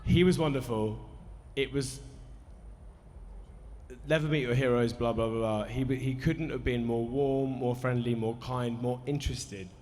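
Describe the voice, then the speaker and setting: Dry-mouthed and nervous, a man in his thirties introduces a festival film screening as a musician, rambling through a sweary story at his own expense to a live cinema audience. He talks unhurriedly, with a medium, steady, slightly mellow voice. The hall reverb, faint crowd ambience and slight background noise are audible.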